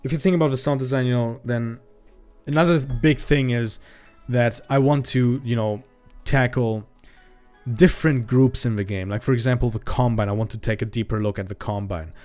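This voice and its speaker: A man's voice: medium pitch, steady tone, normal speed, darkish tone. A man chatting on a livestream in a casual, profane, ranting way that grows heated. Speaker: streamer. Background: faint background music.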